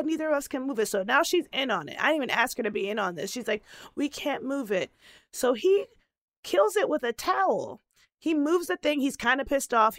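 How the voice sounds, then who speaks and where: Young woman w/ a slightly high voice, swearing n laughing thru a story, dry close sound. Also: no room sound. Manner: animated, profane, laughs a lot. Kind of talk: casual storytelling chat.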